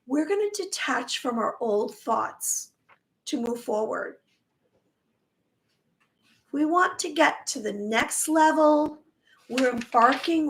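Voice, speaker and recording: A woman talking casually on a live stream as a spiritual teacher, warm in her encouragement and tripping over words, her voice going hoarse. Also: sits high. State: losing her voice.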